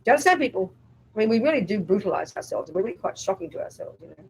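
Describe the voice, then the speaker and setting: A woman's voice: medium pitch, big pitch swings, very fast, gravelly, darkish tone, breathy edge, poor audio. A woman, a Buddhist nun, giving a dharma talk at a retreat. She speaks bluntly and with emphasis, often checks whether the group follows her, and acts out inner voices in quotes. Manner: emphatic and blunt, asks the audience if they follow.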